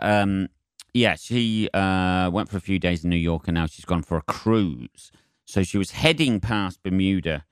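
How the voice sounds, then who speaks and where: Young guy, podcast host, low smooth voice, sweary rambling monologue. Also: a bit bright, no room sound, clean studio sound. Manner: sweary, chatty, self-mocking.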